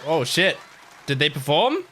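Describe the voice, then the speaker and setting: A woman's voice: low-pitched, sing-song, a little slow, a crowd in the background. A woman hosting an anime reaction video, talking casually and emotionally, with exclamations and swearing. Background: faint anime music.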